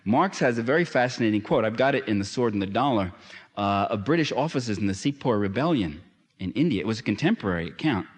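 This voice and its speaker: A man's voice: lowish voice, animated, fast, husky. A man giving an impassioned public lecture, emphatic, with sardonic asides and fervent peaks. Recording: long hall reverb.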